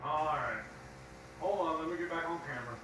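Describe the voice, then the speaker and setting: A man's voice: fairly high pitch, a little fast. A man co-hosting a casual cooking live stream, trading dry, teasing banter with his partner. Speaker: cooking channel co-host. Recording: very echoey room with background noise.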